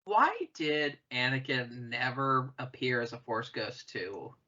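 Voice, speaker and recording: A man's voice: medium pitch, slow pace, sharp tone. A man co-hosting a podcast, riffing casually and rambling, with frequent swearing. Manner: rambling, swearing, fond of silly voices. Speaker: podcast co-host. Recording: dull lo-fi sound.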